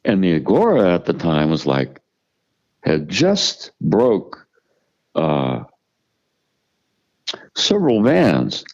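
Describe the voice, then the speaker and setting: Older man, musician guest, gravelly, low-pitched, profane storytelling, lo-fi sound. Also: huge pitch swings, slow pace, pauses often, a little mellow. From United States. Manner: profane, emphatic, restarts and repeats words. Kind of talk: storytelling interview.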